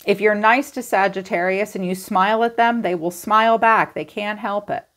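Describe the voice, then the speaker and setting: A woman's voice: mid-range voice, steady tone, normal speed, a bit bright. Blunt, chatty woman tarot reader. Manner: blunt, chatty, teasing, full of "like". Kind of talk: casual tarot reading to viewers.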